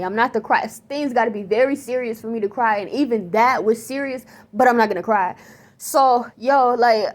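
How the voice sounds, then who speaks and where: A shaken woman with a fairly high voice talks straight to her viewers. Her telling is animated and slangy, full of fillers. It is a casual spiritual testimony about a dream. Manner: animated, excited, slangy storytelling with many fillers. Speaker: vlogger recounting a dream.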